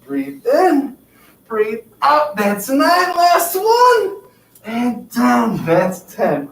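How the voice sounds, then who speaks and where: Counting repetitions and cheering the class on, this yoga instructor speaks extremely slowly in a very animated, mid-range voice with vocal fry. The distant mic picks up an echoey room and a bit of faint noise.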